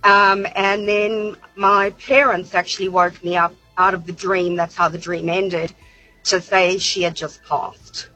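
Bright-voiced woman caller. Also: fairly low pitch, level tone, unhurried, no echo, soft background music, poor audio. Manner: chatty, with many fillers. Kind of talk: telling a personal story on radio.

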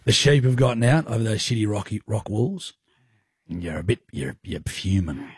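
A man's voice: on the low side, normal speed, breathy edge, no room sound. A man co-hosting a radio show, teasing his co-host in casual banter and laughing often, in a studio.

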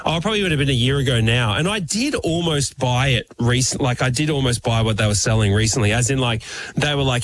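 A man co-hosting a radio show, bantering casually and joking with quick laughs. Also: mid-range voice.

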